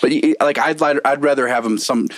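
A man's voice: medium pitch, fairly quick. A man co-hosting a podcast, ranting in casual chat, cursing freely and slipping into put-on voices. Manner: profane, animated rants with put-on voices. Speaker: podcast co-host.

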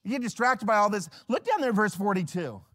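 Male pastor, high voice that leaps around, animated sermon delivery. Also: a little fast. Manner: animated, swings from hushed to loud; acts out little scenes in quoted voices.

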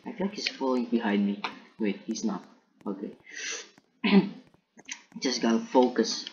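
A woman's voice: very deep voice, sing-song, measured pace, a little mellow. A woman giving live gameplay commentary, jumpy and panicky, talking to herself and to her opponent. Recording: dull lo-fi mic with faint noise.

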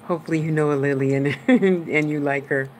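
A woman medium gives a live-streamed psychic reading from a room at home. Her voice sits low. She talks in an affectionate, rambling way and laughs often, and faint noise hums under her. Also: normal speed, darkish tone.

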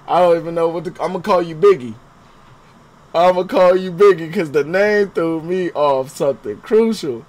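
A man streaming a game live, chatting casually with viewers in slang and swinging from low muttering to loud outbursts. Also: normal speed, a little hiss or hum. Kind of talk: live gameplay commentary.

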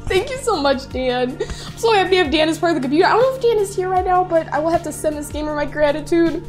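Effusive young woman, high-pitched voice. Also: fast, soft background music. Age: young adult. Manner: effusive and excitable, often laughing. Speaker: streamer reading viewer messages. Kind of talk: casual live-stream chat.

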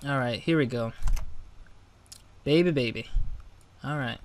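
A man's voice: mid-range voice, measured pace, slight background noise. A man hosting a gaming channel, giving casual let's-play commentary, chatty and flustered when he loses.

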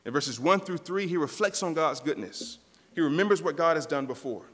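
A man's voice: fairly high pitch, animated, a little fast, fairly bright tone, in a large hall. A pastor preaching a sermon in a church, earnest and direct, often turning to his listeners as "church". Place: church sanctuary.

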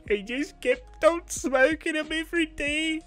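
A crude young Australian carpenter in a put-on accent, shouting profanities and whining melodramatically, as a man plays him. The voice sits well above a normal male speaking pitch. Faint music plays underneath. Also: measured pace. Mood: sobbing, melodramatic. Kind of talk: gameplay role-play.

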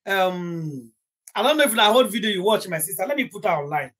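Husky Nigerian woman live-streaming. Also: mid-range voice, lively intonation, fairly quick, a bit bright. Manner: rambling, emotional, mixing Pidgin into English. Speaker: gossip livestream host. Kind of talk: casual live-stream chat.

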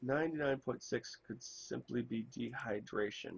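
A man streaming a game, chatting in a rambling, self-interrupting way while hoarse from a cold. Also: medium pitch, moderate pace, highs cut off. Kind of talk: casual chat while gaming.

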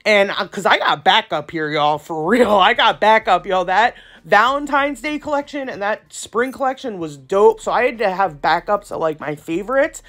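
A woman's voice: mid-range voice, expressive, moderate pace, hardly any pauses, fairly bright tone. Chatty, outspoken woman vlogger. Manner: chatty, rambling, slangy and outspoken. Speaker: nail artist and brand ambassador. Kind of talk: casual vlog chat to viewers.

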